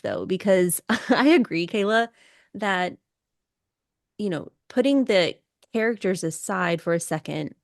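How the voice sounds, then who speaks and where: A woman's voice: medium pitch, dry recording, clean studio sound. A young woman co-hosting a podcast in casual chat. She rambles with restarts and laughs as she talks. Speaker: podcast co-host.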